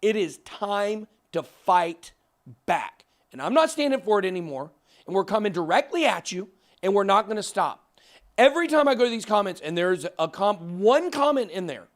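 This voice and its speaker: A man hosting a crypto talk show, emphatic and excitable, ranting into the camera. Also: high voice. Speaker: crypto channel host. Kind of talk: fired-up casual talk on camera.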